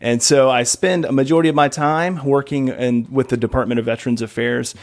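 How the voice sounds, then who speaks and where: A man in his thirties with a slight Southern US accent, chatting as a podcast guest. His voice has a gravelly edge, and he jokes about himself and laughs easily. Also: medium pitch, steady tone, fairly quick. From South Carolina, USA. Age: 30s. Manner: laughs easily, self-deprecating joking. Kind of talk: casual interview chat.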